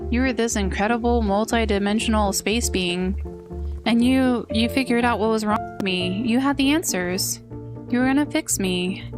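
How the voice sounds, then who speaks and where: A woman's voice: on the high side, close to an everyday voice. A woman voicing an earnest, troubled young woman, reading her lines with emotion over game music.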